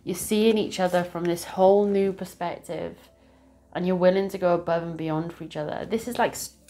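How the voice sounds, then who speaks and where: Chatty low-voiced woman. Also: steady tone, moderate pace, mellow. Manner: chatty, rambling, laughs often. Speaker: tarot reader. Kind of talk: casual tarot reading to camera.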